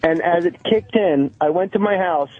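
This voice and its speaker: Man, radio host, wry deadpan banter, high voice, muffled studio sound. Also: moderate pace.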